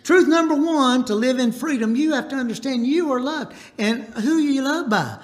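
A man delivers a Baptist sermon in a notably high voice. He wanders through homespun stories, then stops to ask the congregation to repeat lines back to him. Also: animated, moderate pace. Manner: folksy, rambling, calls out for congregation responses. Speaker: Baptist preacher. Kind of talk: storytelling sermon.

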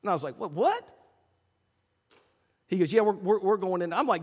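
A middle-aged man preaching a sermon, telling a story with lively acted-out quotes. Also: high voice, normal speed, pauses often. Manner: animated storytelling, acts out quotes loudly. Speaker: pastor. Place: church sanctuary. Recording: long reverb of a church hall.

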